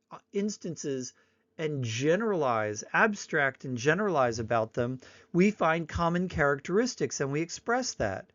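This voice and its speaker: Slow, deliberate male lecturer. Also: fairly high pitch, dry recording, dull audio. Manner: unhurried and explanatory, acting out examples in little voices. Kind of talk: recorded slideshow lecture.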